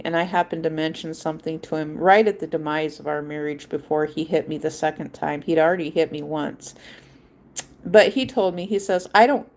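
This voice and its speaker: This woman's voice is deep, creaky and darkish. Hosting a livestream, she launches into a rambling personal story, emphatically circling back to her points and performing the voices of people she quotes.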